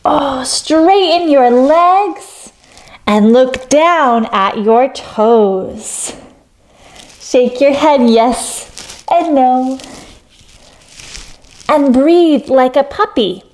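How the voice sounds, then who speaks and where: A woman leading a children's yoga story, giving slow, soothing instructions with playful animal sounds. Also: high voice, darkish tone. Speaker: kids yoga teacher.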